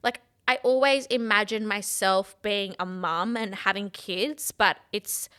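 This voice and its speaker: A woman's voice: mid-range voice, measured pace, fairly bright tone, clean tone. A woman in her thirties, co-hosting a podcast in casual, rambling chat full of "like" and restarts. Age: 30s. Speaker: podcast co-host.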